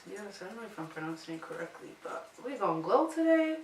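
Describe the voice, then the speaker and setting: A woman's voice: mid-range voice, big pitch swings, fast talker. A woman vlogger chatting playfully about new makeup products, with lots of fillers. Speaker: beauty vlogger. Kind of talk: casual makeup vlog chat. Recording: roomy echo, distant from mic, clear background noise.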